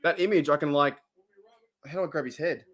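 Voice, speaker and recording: Hosting a football watch-party live stream, an Australian-accented man rambles through casual chat, giggling and bursting into laughter frequently. He speaks fairly quickly in a fairly high-pitched voice.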